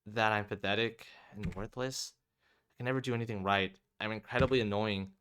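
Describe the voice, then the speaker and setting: A man voicing a shy, tearful teenage girl who speaks softly and pleads. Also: fairly low pitch, steady tone, normal speed, smooth, close to an everyday voice. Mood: pleading. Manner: soft, self-deprecating, pleading.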